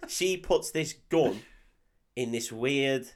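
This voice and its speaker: A man's voice: mid-range voice, animated, slow. Guy ranting about a movie, lots of swearing and laughing. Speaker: podcast co-host. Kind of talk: casual film-recap chat.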